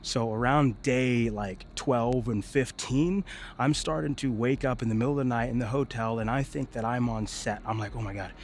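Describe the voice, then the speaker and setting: A young man vlogging, telling a story in a casual, slangy way and acting out what people said with big jumps in pitch and loudness. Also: normal speed, a little hiss or hum. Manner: animated, acts out quoted lines with sudden jumps in pitch and loudness; casual, slangy, many fillers.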